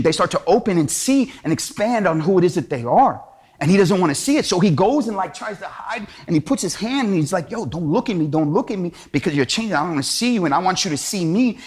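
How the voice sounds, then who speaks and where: A man giving an inspirational talk in a casual, slangy storytelling way. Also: fairly high pitch. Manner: slangy, storytelling, acts out quotes. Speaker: Catholic speaker.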